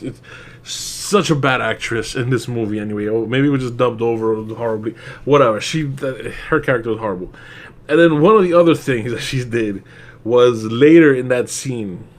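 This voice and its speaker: Young man, casual movie reviewer, rambling and profane, laughs often. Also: medium pitch.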